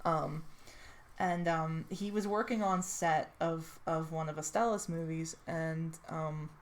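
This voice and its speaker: A woman with a lowish voice talks through a character she created in a loose, rambling chat. She swears freely and keeps breaking into laughter. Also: steady tone, slow pace. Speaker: character creator presenting her character. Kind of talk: casual chat.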